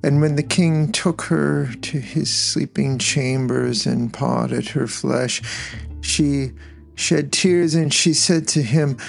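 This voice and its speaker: A man telling an old tale aloud in a measured, unhurried storytelling manner, with faint music behind him. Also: medium pitch, creaky. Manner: unhurried, measured, with voiced characters in dialogue. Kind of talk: slow storytelling narration.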